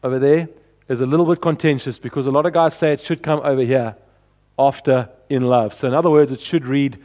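A pastor preaching a sermon, earnest and pleading, often dropping softly at the ends of phrases. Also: male voice, medium pitch, steady tone, brisk, muffled recording.

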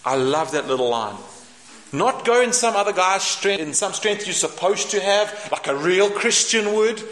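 Animated, joking male preacher in an echoey room. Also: high-pitched, moderate pace. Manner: animated, humorous, acts out scripture voices. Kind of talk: sermon. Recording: echoey room with background noise.

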